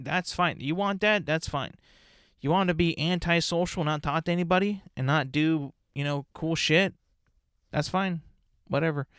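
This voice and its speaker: A man's voice: fairly high pitch, smooth, dry recording, studio quality. A young man hosting his own podcast, ranting bluntly and profanely with lots of restarts and tangents. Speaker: podcast host. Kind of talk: casual solo podcast rant.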